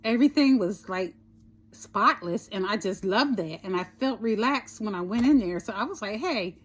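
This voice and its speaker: A woman's voice: mid-range voice, animated, moderate pace. A woman vlogger casually telling a personal story, chatty, swearing a little and asking "right?" often.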